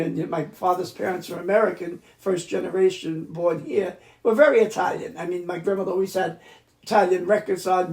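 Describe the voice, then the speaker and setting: An older man from New York City who plays accordion chats through profane family stories in a relaxed home interview in Queens. His voice is high-pitched and a little mellow, and the room adds a roomy echo.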